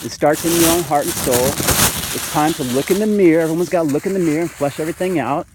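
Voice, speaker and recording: A man's voice: on the high side, fast, very noisy. Fervent rambling man preaching to camera. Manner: addresses viewers as "guys". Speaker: vlogger. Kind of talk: spiritual monologue to camera.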